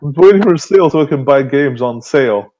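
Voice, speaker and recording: Laughing, swearing young co-host. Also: male voice, medium pitch, lively intonation, fast talker, a little mellow, muffled recording. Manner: laughs often, swears casually, unsure. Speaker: new podcast co-host. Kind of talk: casual chat.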